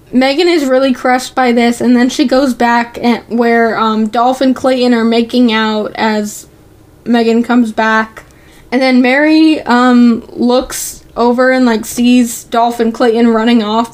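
Recapping a TV episode as a podcast co-host, a woman chats casually with lots of "like" and "um" and an easy giggle. Her voice sits on the high side, with a steady tone and an unhurried pace.

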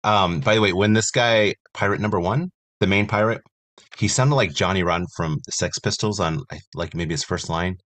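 A man's voice: low-pitched, normal speed, a bit bright. A man co-hosting a podcast, chatting casually with incredulous jokes and swearing. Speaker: podcast co-host. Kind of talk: casual chat recapping a TV episode.

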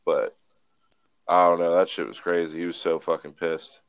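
A man's voice: low voice, fairly even intonation, normal speed, smooth, no echo, dull audio. A man in his twenties, a podcast co-host, telling a rambling, swear-filled story in casual chat.

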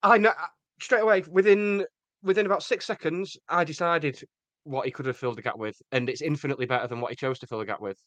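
A man co-hosts a casual podcast, delivering dry, deadpan quips. His voice sits a little high for a man. The recording is dry, with no room sound. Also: quick pace, no room sound. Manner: dry, deadpan one-liners. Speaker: podcast co-host. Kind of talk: casual comedic chat.

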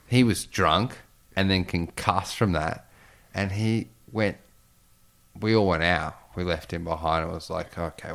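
A man telling rowdy stories in a casual chat, swearing often and getting animated. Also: low voice, creaky.

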